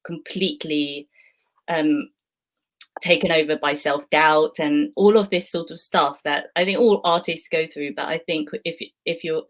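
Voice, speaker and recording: A woman on a video panel speaks slowly and reflectively, stopping to search for her words. Her voice sits low for a woman. The tone stays thoughtful throughout. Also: steady tone. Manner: hesitant, thoughtful, many fillers. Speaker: playwright panelist.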